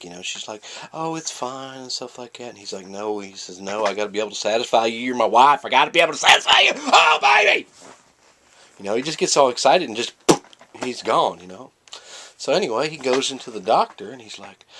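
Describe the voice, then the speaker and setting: A man with a fairly low voice tells jokes in a loose, rambling way. He stumbles over words and restarts often, then bursts into loud, excited character voices. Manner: rambling with many fillers and restarts. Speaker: comedian telling jokes. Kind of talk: casual joke telling.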